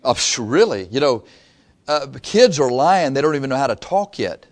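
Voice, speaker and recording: A man preaching a sermon in a folksy, animated way, reading scripture briskly and dropping to low asides between loud points. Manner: reads scripture in a brisk run.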